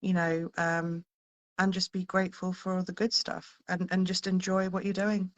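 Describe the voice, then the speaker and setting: A woman's voice: lowish voice, little pitch movement, moderate pace. A woman hosting a casual chat, effusive and motivational, with lots of fillers. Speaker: host. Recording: slightly dull lo-fi audio.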